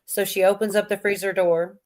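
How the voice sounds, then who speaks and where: A woman's voice: medium pitch, level tone, brisk, darkish tone. A middle-aged woman hosting a livestream, telling a corny joke in a rambling, giggly way. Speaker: livestream host. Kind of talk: casual chat, telling a joke.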